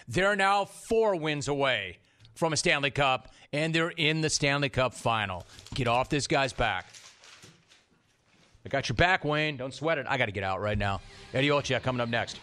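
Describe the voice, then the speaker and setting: Over soft background music, a man in his forties hosts a sports talk show on the radio, speaking at normal speed in an animated, pushed and bright mid-range voice. His lively monologue mixes brash storytelling with impressions of his friends.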